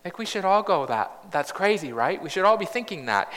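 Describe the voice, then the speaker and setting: A man in his fifties preaching a sermon in a large church, measured and reflective with bursts of humour. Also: high voice, sing-song, a bit bright. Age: 50s. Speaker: pastor. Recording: long church reverb.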